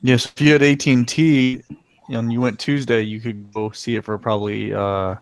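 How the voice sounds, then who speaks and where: A man on a casual panel podcast who talks in a halting way, repeating himself and filling gaps with um. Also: medium pitch, flat delivery. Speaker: panel guest. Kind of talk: casual panel chat over an online call.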